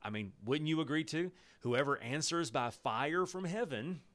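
Playful man teaching a Bible passage. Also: a little high. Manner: lively and playful, laughing at the story and using slang asides; pauses the reading to explain in plain words. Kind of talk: Bible study teaching, reading and explaining scripture.

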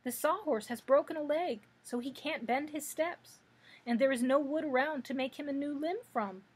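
A woman's voice: sits high, moderate pace, pitched above the performer's own voice, lightly acted. A woman voicing an earnest young boy who is easily provoked, in a storybook reading.

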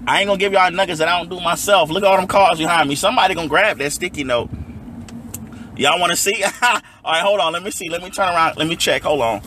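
A man's voice: fairly high pitch, pushed and bright, slight background noise. A man hosting a phone livestream from inside his car, hyped and chatty, laughing often and calling his viewers y'all. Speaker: livestream host. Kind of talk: excited livestream chat to viewers.

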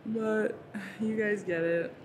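A woman's voice: medium pitch, fairly even intonation, takes it slowly, darkish tone, a little hiss or hum. A woman chatting casually on a live stream while she makes something, talking in her real voice with lots of fillers like "like" and "so". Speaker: ASMR creator. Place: busy convention hall.

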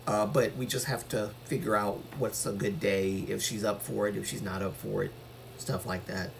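A man's voice: lowish voice, fairly even intonation, moderate pace, vocal fry, a little hiss or hum. Earnest man chatting on a live stream. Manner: earnest, rambling, projects his voice when passionate. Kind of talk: casual live stream chat.

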